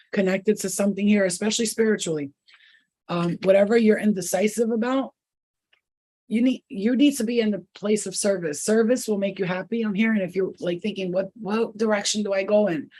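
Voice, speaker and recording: A woman's voice: mid-range voice, mellow. A woman giving an intuitive spiritual reading to her viewers, rambling and repeating herself, then turning blunt, profane and fiery. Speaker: spiritual reader.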